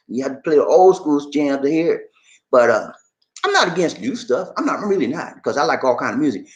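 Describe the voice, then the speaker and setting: A man hosting a casual livestream, greeting viewers and reading their comments aloud in an emphatic, chatty way. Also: fairly high pitch. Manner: animated, emphatic, chatty, repeats phrases. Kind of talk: casual live chat.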